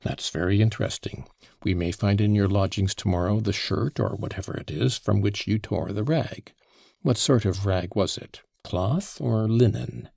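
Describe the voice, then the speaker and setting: A man reading an audiobook, voicing a calm male official who questions a suspect in a measured, pointed way. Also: lowish voice, gravelly, no echo, clean studio sound. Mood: probing.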